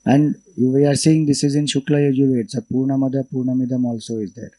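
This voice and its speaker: An Indian man delivers a scriptural lecture in English at an unhurried, explanatory pace. His voice is mellow and dark, steady and middle-pitched. He talks like a teacher walking a class through the meaning of each chant. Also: poor audio. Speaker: spiritual teacher.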